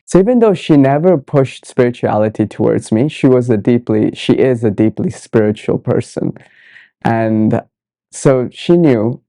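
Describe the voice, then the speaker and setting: A man recounting his own story on a podcast, earnest and reflective, slipping into the voices of the people he quotes. His voice is mellow and gravelly, and the sound is dry and close. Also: mid-range voice, animated, unhurried, no room sound. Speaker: podcast guest, monk. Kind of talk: storytelling in an interview.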